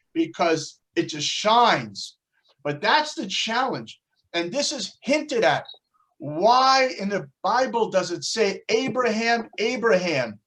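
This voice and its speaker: A man teaching a Torah class, telling a religious story in an animated way and shifting his voice for the quotes. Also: high-pitched, poor audio. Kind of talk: religious lesson with dramatic storytelling.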